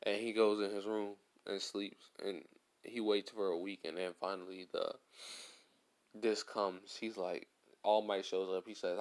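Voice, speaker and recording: A man with a fairly low voice casually narrating an improvised fan story. He rambles, drops slang and keeps saying "like" as he goes. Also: steady tone, normal speed, fairly bright tone, smooth. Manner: rambling, slangy, full of "like" and restarts.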